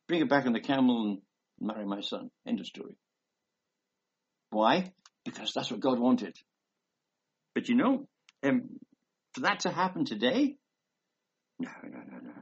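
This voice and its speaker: A man's voice: medium pitch, slightly rough. A man giving a rambling, emphatic conversational sermon, reading scripture aloud between asides. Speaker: preacher. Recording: dull lo-fi recording.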